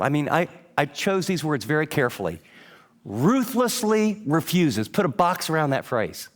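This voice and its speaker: An emphatic middle-aged man preaching a sermon, pressing each point as he teaches from notes. His voice sits a touch higher than most men's. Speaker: pastor.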